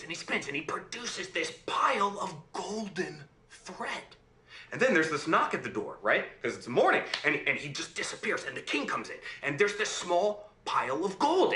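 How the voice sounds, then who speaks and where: A man telling a fairy tale aloud in an animated way, often checking in with his listener. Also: fairly high pitch, heavily acted. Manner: animated, checks in with "right?" and "okay?". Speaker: storyteller. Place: room on a video call. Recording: roomy room sound.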